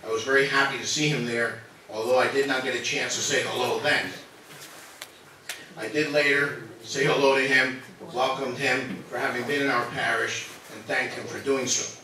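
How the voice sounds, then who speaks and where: A man's voice: mid-range voice, pushed and bright, slight background noise. A man giving a formal, earnest public statement at a meeting, nervous and emotional as he defends himself. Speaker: resident speaking at public comment. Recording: echoey hall from far off.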